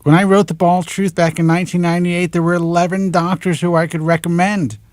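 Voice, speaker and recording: A man's voice: sits high, fairly quick, no room sound. Exasperated New York man ranting on air. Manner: animated, exasperated, swears in clipped letters. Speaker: talk show host. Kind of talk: ranting monologue. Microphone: close studio mic.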